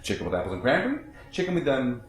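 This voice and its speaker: A man's voice: medium pitch, wildly swooping pitch, rapid-fire, roomy sound, faint music behind. An actor playing a blunt, profane middle-aged butcher, telling his story in a theatrical monologue. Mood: boastful. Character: brash foul-mouthed middle-aged male butcher. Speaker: actor in a one-man stage monologue. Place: theater stage.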